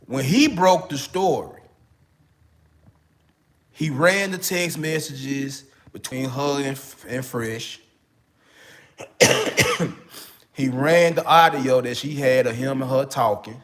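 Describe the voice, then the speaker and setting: A man's voice: medium pitch, slow, pauses often, a bit bright. A man from Memphis with a Memphis accent, an online relationship coach getting over a cold, giving casual video commentary full of slang and repeated fillers. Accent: Memphis, Tennessee. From Memphis, Tennessee. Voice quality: slangy, repeats "you know what I'm saying".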